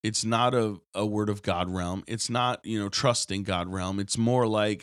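Low-voiced man preaching with lively mimicry. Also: normal speed, hardly any pauses, dry recording, clean studio sound. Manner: animated storytelling, mimics others in a high whiny voice. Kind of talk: radio sermon.

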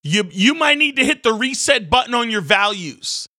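A man, a pastor hosting a daily devotional, preaching casually with sudden jumps into loud mocking voices. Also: very high voice, sing-song, moderate pace, no echo, studio quality. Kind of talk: energetic devotional sermon.

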